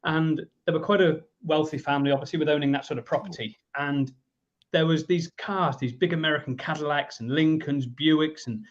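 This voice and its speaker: A man in his fifties with an English accent tells a long personal story as a podcast guest. His voice sits a little high, and he briefly acts out the people he describes. The audio is muffled and lo-fi. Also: steady tone, brisk. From England. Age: 50s. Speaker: guest, business owner.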